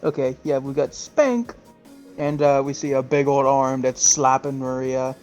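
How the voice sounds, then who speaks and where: A man co-host recaps a comic chapter in an easygoing, rambling way, packed with fillers. His voice sits at an ordinary, middle pitch for a man. The talk is loose and conversational. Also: measured pace, dull audio, soft background music. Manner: relaxed, rambling with many fillers; laughs often. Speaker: podcast co-host. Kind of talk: casual chat recapping a comic.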